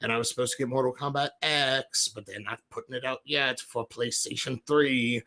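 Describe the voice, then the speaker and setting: A man's voice: mid-range voice, steady tone, normal speed, pushed and bright. A man hosting a casual livestream from home, speaking in an affected British-sounding accent that comes and goes as he rambles and answers viewers' chat messages. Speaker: livestream host.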